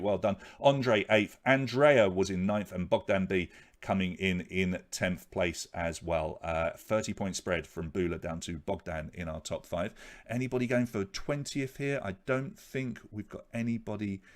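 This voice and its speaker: A man hosting an online pub quiz from his home office, chatting casually and rambling with many restarts. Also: lowish voice. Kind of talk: casual live-stream chat.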